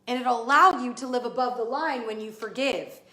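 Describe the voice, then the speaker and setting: Speaking fairly quickly in a fairly high, pushed, bright voice, a female business coach and podcast host pumps up her listeners with a passionate motivational talk and casual swearing. The sound is echoey, as if in a large room.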